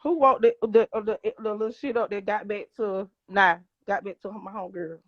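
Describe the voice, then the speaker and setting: A woman's voice: medium pitch, fairly even intonation, moderate pace, no echo. Woman pressing questions, dull dry sound. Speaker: live-stream host. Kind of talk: probing questions on a live stream.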